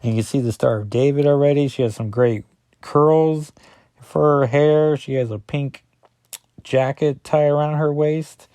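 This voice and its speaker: Chatty man with a mellow, dry voice. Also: fairly high pitch, steady tone, no echo. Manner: rambling, chatty, many fillers and asides; reads dialogue in quick plain voices. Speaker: comic book reviewer. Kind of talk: casual commentary reading comics aloud.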